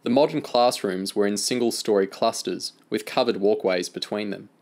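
Low-voiced man reading a novel. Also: moderate pace, darkish tone. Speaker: audiobook reader.

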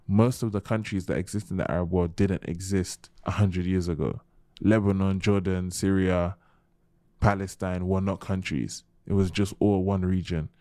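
Low, mellow young man explaining at length. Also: no room sound. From United Kingdom. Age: young adult. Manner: expansive, explaining with examples and asides. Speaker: guest, Islamic history speaker. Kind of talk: conversational podcast interview.

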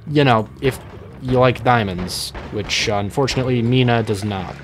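Over soft background music, a young man talks through his own gameplay at a measured pace in a medium-pitched voice. His casual let's-play commentary rambles and jokes, with sudden bursts of panic.

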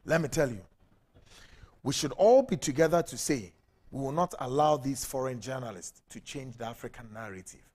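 A man's voice: medium pitch, lively intonation, moderate pace, darkish tone. A Ghanaian man hosting a talk show, delivering a fiery, ranting political commentary and switching between Twi and English.

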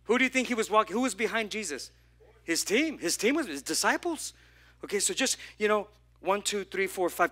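A man preaching a lively sermon at a church service. He acts out the people in his story and asks the congregation questions. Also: high voice, fairly quick. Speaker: pastor.

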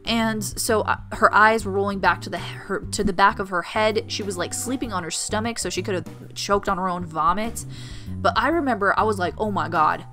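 A woman's voice: mid-range voice, moderate pace, sharp tone, soft background music. A young adult woman telling college stories as a casual storytime vlog, chatty and full of fillers. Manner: chatty, filler-heavy, vivid retelling. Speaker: storytime vlogger, former resident assistant. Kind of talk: casual storytime while drawing.

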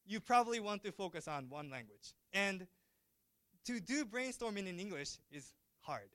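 A man giving a chatty, lively university lecture, asking the class questions as he goes. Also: sits high, moderate pace, no echo, studio quality. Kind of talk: classroom lecture switching between Japanese and English.

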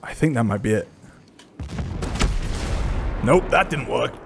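A man's voice: mid-range voice, animated, slow pace, vocal fry, background noise. A man giving casual let's-play commentary, muttering to himself and breaking into frustrated outbursts. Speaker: gaming YouTuber. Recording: game gunfire and explosions behind voice. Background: game gunfire and explosions.

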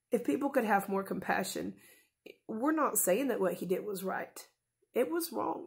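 A woman's voice: a little high, vocal fry. A woman in her thirties talking casually and earnestly to camera in a home vlog, rambling at times and openly emotional. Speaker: vlogger.

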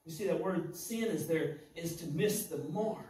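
A man preaching a sermon to his church, impassioned and building up to shouting at points. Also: a little high, moderate pace. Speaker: pastor. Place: church sanctuary. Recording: echoey church hall, mic at a distance.

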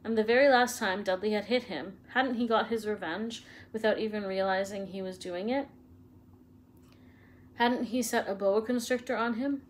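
Woman storyteller, steady expressive reading, mid-range voice, faint background hum. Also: mid-range voice, moderate pace. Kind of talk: reading a children's novel aloud.

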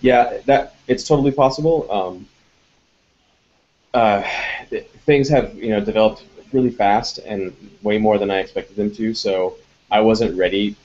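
A game designer in a casual live Q&A, answering audience questions with many ums and restarts. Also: male voice, fairly low pitch, fairly even intonation, unhurried, darkish tone, dull audio.

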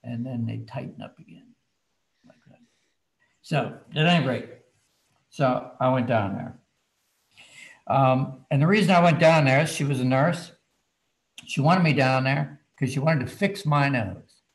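Speaking unhurriedly with long pauses in a medium-pitched voice, an older children's author recounts a childhood story to students on a video call. He keeps it lively and lowers his voice to a hush when things get tense.

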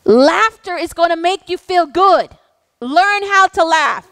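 High-voiced intense woman pastor preaching. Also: slow, no echo. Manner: intense, animated preaching with playful asides. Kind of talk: sermon. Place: church sanctuary.

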